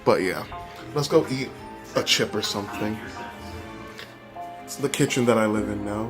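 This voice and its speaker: A man with a lowish voice speaks at normal speed, leaving long pauses, as music plays in the background. He's vlogging casually at home, moving from bedroom to kitchen and answering relationship questions earnestly, with asides and restarts.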